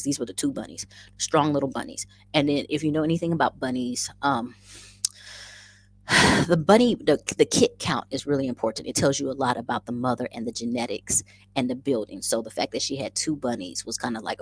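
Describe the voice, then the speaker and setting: A woman in her forties tells a story to her viewers with animated, self-mocking energy. Her voice sits unusually low and sounds raspy and breathy. The recording is dry and close, with no room sound. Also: a little fast, no room sound. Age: 40s. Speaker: vlogger and rabbit farmer. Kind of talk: casual storytelling.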